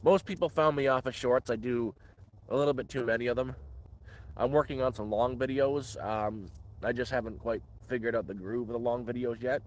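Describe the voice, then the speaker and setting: A man with a medium-pitched, fairly even voice speaks briskly while hosting a casual live Q&A stream out in the woods. He rambles and keeps restarting his words.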